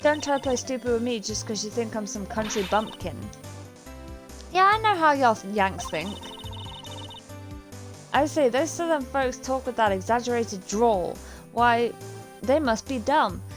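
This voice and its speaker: A woman playing a brash, loud country photographer. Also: a little high, animated, unhurried, faint music behind, voice pushed up. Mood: indignant. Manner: scolding, pushy, raised voice.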